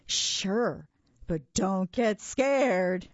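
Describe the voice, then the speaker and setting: A woman's voice: medium pitch, animated, very slow, no echo, muffled recording, pitched above the performer's own voice. A woman voicing an indignant, snappish girl monster in a storybook reading. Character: snappish proud girl monster with slimy tail.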